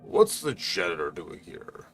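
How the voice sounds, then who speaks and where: A man's voice: low voice, huge pitch swings, a little slow, creaky, fairly bright tone, faint music behind, exaggerated voice. A man voicing a cranky, bullying old male wizard headmaster who barks insults. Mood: angry. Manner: barking, scornful insults.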